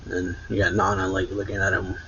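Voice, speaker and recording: A man's voice: low-pitched, completely flat delivery, brisk, a bit bright, slight background noise. A man hosting an anime reaction show, casually retelling a story with lots of "like", in a dull lo-fi recording. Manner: loose retelling full of "like". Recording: dull lo-fi sound.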